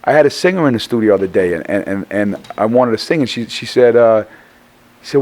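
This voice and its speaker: A middle-aged man, a rapper, talking in a casual interview, tired and hoarse after a show, rambling with stammered restarts and plenty of swearing. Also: on the low side, expressive, fast, a little mellow. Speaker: rapper guest.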